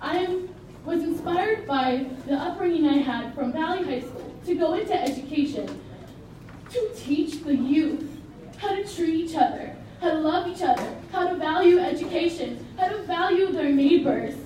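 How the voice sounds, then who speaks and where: A woman's voice: extremely high pitch, animated, normal speed, warm tone. A young woman in her twenties, a teacher, giving an emotional, impassioned public comment at a council meeting. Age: 20s. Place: large meeting hall with a crowd. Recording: echoey hall, distant, crowd noise.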